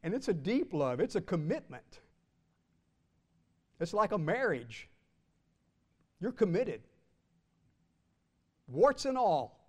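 Brief: high-pitched male pastor, sermon delivery, stretches key words, pauses for the congregation to fill in answers. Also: very animated. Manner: calls out questions for the congregation to answer; draws out key words slowly for emphasis.

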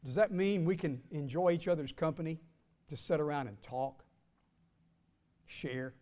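Brief: high-pitched male pastor, sermon delivery, stretches key words, pauses for the congregation to fill in answers. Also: a little mellow. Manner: calls out questions for the congregation to answer; draws out key words slowly for emphasis.

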